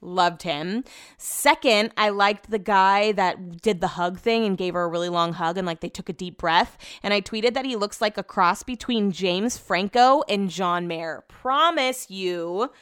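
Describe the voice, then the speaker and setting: A young woman hosts her podcast in a casual, chatty way, full of blunt opinions and sarcastic asides. Her voice is smooth and clear at a middle pitch. The sound is dry and close. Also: unhurried, a bit bright, no echo. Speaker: podcast host. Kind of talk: casual chat recap.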